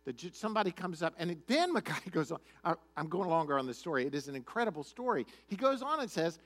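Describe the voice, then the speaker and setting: A male pastor preaching a sermon in a chatty, conversational storytelling manner. His voice sits high for a man, and his intonation swings widely and with energy. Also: lively intonation, fast talker, hardly any pauses.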